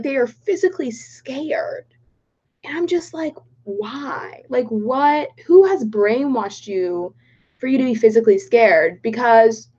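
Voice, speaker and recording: A young woman hosting a casual livestream from home, reading chat comments aloud in a bubbly, giggly way. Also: mid-range voice. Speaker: livestream host. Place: home in Texas. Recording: slightly dull livestream audio.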